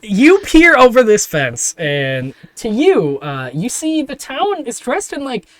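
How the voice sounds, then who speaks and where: A man's voice: extremely high pitch, huge pitch swings, takes it slowly, a bit bright, dry recording. A man narrating as game master of a tabletop game, describing scenes in a rambling way full of fillers.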